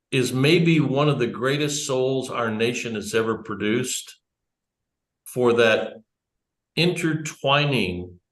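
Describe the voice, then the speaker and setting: A man giving a conversational church talk, rambling and correcting himself as he goes. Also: medium pitch. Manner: rambling, digressive, self-correcting. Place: church room with small audience. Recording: roomy echo.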